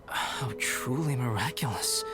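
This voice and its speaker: A man voicing a calm, polite young alchemist in a video game, soft-spoken and measured. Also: medium pitch, faint music behind. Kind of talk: game voice acting.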